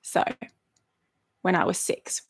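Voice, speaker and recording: A woman, chatting casually on a live stream and answering viewer questions, rambling and laughing often. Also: slow pace. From Australia. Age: 30s. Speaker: YouTuber hosting a live stream. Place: at home in her bedroom.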